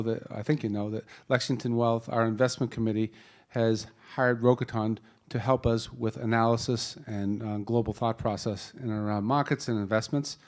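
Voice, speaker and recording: Into a handheld mic in a conference hall, a man with a Boston accent moderates a live panel, his voice medium in pitch and darkish in tone. He rambles and jokes his way through the introductions with many restarts.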